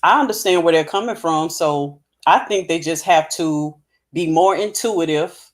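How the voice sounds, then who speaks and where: A woman co-hosting a live chat show in a relaxed, slangy way, laughing often. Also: sits low, normal speed. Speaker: co-host.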